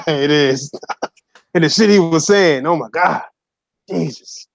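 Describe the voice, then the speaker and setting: A man chatting casually on a gaming podcast, loud and profane, laughing often and slipping into playful impressions. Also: fairly high pitch, unhurried, no room sound. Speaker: YouTube gamer co-host.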